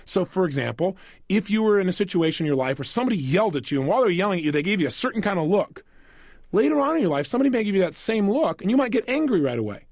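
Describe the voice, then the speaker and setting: A motivational speaker races through a recorded self-help program talk in a higher register, his pitch swooping up and down. He's animated, keeps asking listeners questions, and acts out little scenes with quoted voices. The recording is close and dry, with no room sound around it.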